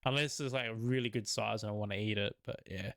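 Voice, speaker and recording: A man's voice: lowish voice, fairly even intonation, fast, a bit bright, dry recording. A man, co-hosting a casual podcast chat, rambling and laughing often. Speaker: podcast co-host.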